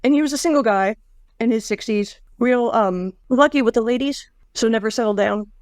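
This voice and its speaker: Middle-aged woman cohosting a book podcast, a bit high voiced, wry and chatty, dry close sound. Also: a little mellow, no echo. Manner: chatty, wry, quick jokes. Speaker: podcast co-host. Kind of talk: casual book-discussion chat.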